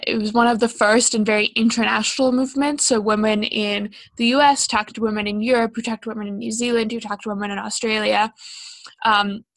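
A woman's voice: on the high side, dry recording. Chatty young woman, dry close mic. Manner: chatty, self-deprecating, with frequent ums and likes. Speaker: podcast co-host. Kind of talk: casual educational chat.

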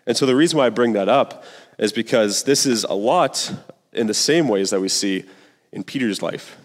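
A man's voice: fairly low pitch, normal speed. A young man in his twenties preaching a sermon as youth pastor, casual and conversational with fillers and asides, in a church. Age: 20s. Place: church sanctuary. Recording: long reverb of a large hall.

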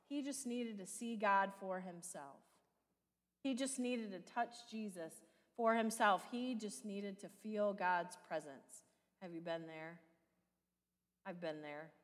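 Midwest lady pastor preaching, lots of questions to the room, long church echo. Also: medium pitch. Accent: American Midwest. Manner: conversational preaching with rhetorical questions. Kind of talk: sermon. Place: church sanctuary.

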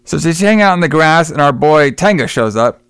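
A man's voice: on the high side, a little fast, clear, resonant tone, no echo. A man co-hosting a casual podcast, retelling a film scene by scene with playful voices for the characters and frequent filler words. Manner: animated retelling, acts out characters, says "brother" often. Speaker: podcast co-host. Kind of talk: casual movie review chat.

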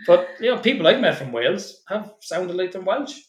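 A man's voice: high voice, big pitch swings, moderate pace, echoey room. A man hosting a podcast in casual chat, joking and swearing freely and laughing often. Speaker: podcast host.

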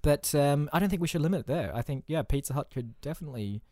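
A man's voice: a little high, expressive, quick pace, mellow, no room sound, clean studio sound. A man in casual improvised comedy chat, rambling and playful, laughing often as he builds silly ideas.

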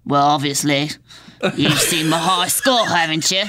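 A proud, grumpy dwarf man brushes people off in a curt, dismissive way, played by a woman at the table. His voice sits low. It suits a tabletop game. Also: measured pace, background noise. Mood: snide. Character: grumpy proud male dwarf, short and rude.

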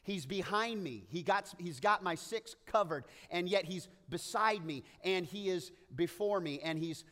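A man's voice: high-pitched, a little slow, few pauses, fairly bright tone, big-room sound. Joking man preaching with playful asides. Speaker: pastor. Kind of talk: sermon.

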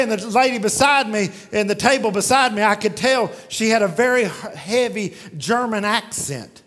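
A man preaching a sermon verse by verse, asking and answering his own questions and slowing down to read scripture aloud. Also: high-pitched, a bit bright. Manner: varies pace widely, slowing down when reading scripture aloud. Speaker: pastor.

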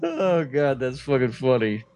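A man's voice: mid-range voice, huge pitch swings, a little slow, darkish tone, faint music behind. A man co-hosting a podcast in casual chat, swearing freely and laughing often as he rambles. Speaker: podcast co-host.

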